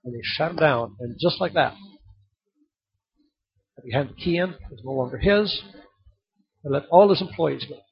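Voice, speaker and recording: A man preaching a sermon, telling a story and then calling loudly on the congregation to open their Bibles. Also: on the high side, normal speed, vocal fry, long pauses, muffled recording. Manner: storytelling, building to loud exhortation. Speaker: pastor.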